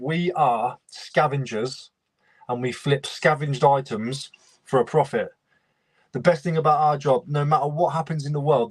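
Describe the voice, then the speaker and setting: A man's voice: mid-range voice, darkish tone, no room sound. Chatty man on a livestream. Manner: chatty, greets viewers by name, calls people mate. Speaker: reseller livestream host. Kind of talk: casual livestream chat.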